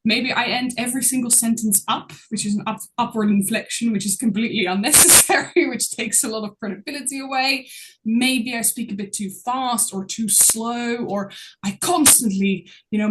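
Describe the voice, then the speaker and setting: A woman guest talking as a public speaking coach in a casual interview, expressive and laughing often as she speaks. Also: a little high, normal speed, slight background noise.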